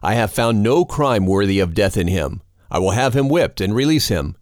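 A man's voice: lowish voice, lively intonation, moderate pace, darkish tone, dry recording, studio quality, close to an everyday voice. A man reading the lines of a weary male Roman governor who argues in a formal, reasoning tone, in scripted scripture reading.

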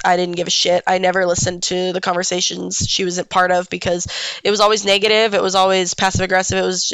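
A woman's voice: medium pitch, fairly bright tone, clear, resonant tone, no room sound, poor audio. A young adult woman hosting a podcast, telling a personal story in a candid, casual way and swearing freely. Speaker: podcast host.

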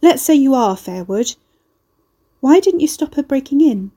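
A woman reader plays a sharp-tongued young heroine in a dark storybook. She is broke and frazzled, snapping and swearing. Her lines sit higher and louder than the narration, on a mellow tone. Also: lively intonation, moderate pace. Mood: uneasy.

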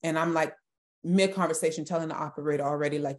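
A woman's voice: sits low, little pitch movement, brisk. A young adult woman giving a personal testimony as a guest on an interview podcast, earnest and emotional, with many restarts.

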